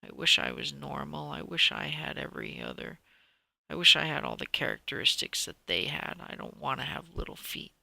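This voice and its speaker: Brief: brave but teased young boy dinosaur for a bedtime story, done by a man, bright, raspy edge. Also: a little high, wildly swooping pitch, normal speed, no echo, full character voice. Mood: pleading. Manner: earnest, pleading. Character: shy, brave young male blue dinosaur.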